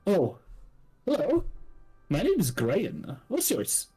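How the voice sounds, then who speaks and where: A man voicing a panicky, sheepish young male adventurer in a high squeal. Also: huge pitch swings, takes it slowly, warm tone, husky, soft background music, full character voice.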